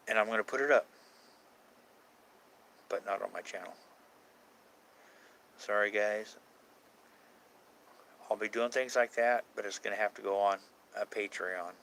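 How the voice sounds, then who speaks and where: A man's voice: fairly low pitch, fairly even intonation, normal speed, creaky, pauses often, fairly bright tone, slight background noise, rough recording. A man casually chatting with viewers on a paranormal live stream, rambling from point to point and swearing now and then. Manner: rambling, swears casually, answers chat questions.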